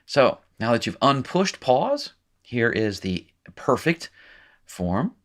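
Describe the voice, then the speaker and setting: A man's voice: mid-range voice, big pitch swings, takes it slowly. A man teaching a recorded lesson in a casual way, thinking aloud with fillers and small self-corrections. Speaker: language teacher. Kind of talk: recorded lecture at a whiteboard.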